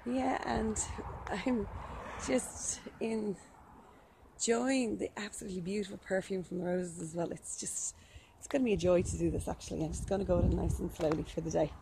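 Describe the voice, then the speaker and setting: A woman's voice: medium pitch, gravelly, background noise. Woman vlogging from her garden, slightly breathless, chatty with lots of ums, roomy echo on the audio. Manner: chatty and unhurried, with many ums. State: slightly out of breath from physical work. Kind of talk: casual chat to camera while working. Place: outdoors in a garden.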